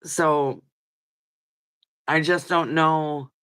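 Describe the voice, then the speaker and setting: A woman with a low, steady, fairly bright and smooth voice speaks extremely slowly. She's a livestream host reading comments in casual live chat, rambling earnestly and emotionally, her nose stuffy from crying.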